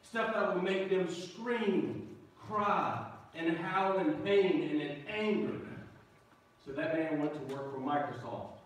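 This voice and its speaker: A man's voice: on the high side, takes it slowly. A man preaching a sermon as pastor, folksy and joking, calling out to the congregation. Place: church sanctuary. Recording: echoey church hall, mic from a distance.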